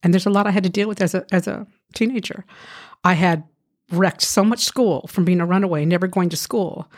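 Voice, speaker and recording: A woman telling her own life story as an interview guest, earnest and emotional, often pausing with "um" and restarting her sentences. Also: on the low side. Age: adult. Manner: earnest, halting, with frequent "um" and restarts. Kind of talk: emotional personal testimony.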